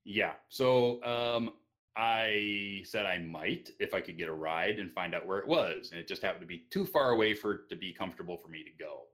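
A man answering interview questions casually, hesitant with frequent pauses and restarts. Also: sits low, fairly bright tone. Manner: hesitant, many ums and restarts. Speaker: interview guest.

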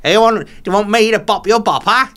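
A man's voice: high-pitched, fairly quick, a bit bright, pitched above the performer's own voice. A man doing a teasing impression of a camp, cheeky male comedian who swears.

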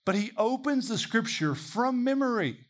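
A man preaching a sermon in a conversational, animated way, imagining dialogue aloud. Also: very high-pitched, moderate pace.

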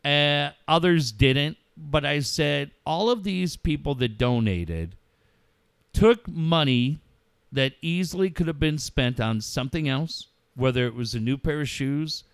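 A middle-aged man hosting a radio talk show, speaking about a personal loss in a heartfelt, halting way and swearing freely. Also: fairly high pitch, vocal fry, a bit bright, clear, resonant tone, dry recording. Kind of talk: emotional casual talk.

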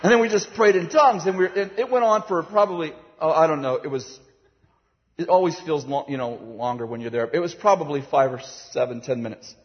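A man's voice: a little high, brisk. A man preaching, telling a story with acted-out voices and bursts of laughter, speaking from a platform in a large hall. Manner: animated, acts out voices, laughs while telling. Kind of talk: sermon storytelling. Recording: dull, reverberant hall sound.

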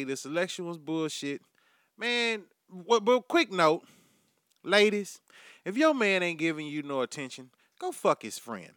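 Animated, profane podcast host man. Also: high voice, no echo, clean studio sound. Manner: profane, animated, swings loud and quiet. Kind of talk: casual comedic monologue.

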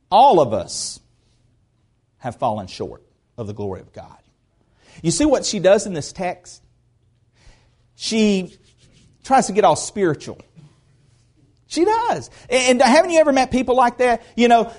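A man's voice: high voice, darkish tone. A man preaching a sermon to his church, talking in a conversational way and repeating phrases for emphasis. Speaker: pastor. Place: church service.

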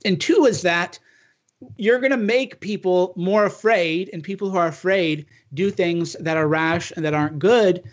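High-voiced man, dull lo-fi sound. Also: normal speed. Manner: earnest, emphatic, with frequent restarts. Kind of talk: casual political chat.

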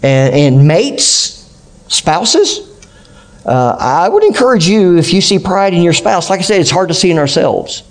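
Male pastor, sermon delivery, earnest and deliberate, leans on key words, church setting. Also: high-pitched, sing-song. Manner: earnest preaching with slow, emphatic stresses. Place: church sanctuary.

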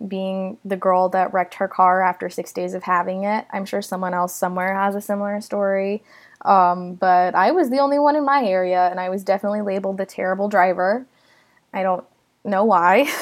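A young woman from the United States chatting casually through a personal story, self-deprecating and full of dramatic asides. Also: mid-range voice.

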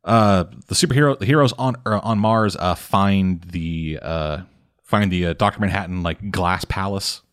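A man casually recapping a comic book on a podcast, rambling and swearing often, with dry, deadpan asides. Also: low-pitched, normal speed. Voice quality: rambling, profane, deadpan summary. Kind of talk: casual chat.

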